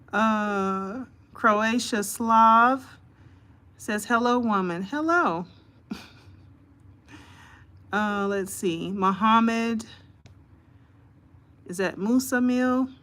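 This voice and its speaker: A woman live-streaming as a host, reading news reports aloud haltingly with many fillers and greeting her viewers by name. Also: on the high side, fairly bright tone.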